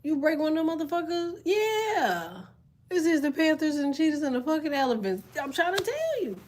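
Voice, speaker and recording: Woman streamer, AAVE speaker, animated and profane storyteller, slightly high-pitched. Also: normal speed, slight background noise. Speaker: live streamer reading chat. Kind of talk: casual storytelling chat.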